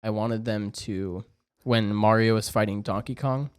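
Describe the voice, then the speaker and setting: A young man co-hosting a podcast, chatting casually and playfully, with quick laughs. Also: fairly low pitch, fairly even intonation, clear, resonant tone, no echo, studio quality. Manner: playful, hums tunes and mimics voices, laughs often. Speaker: podcast co-host. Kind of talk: casual chat.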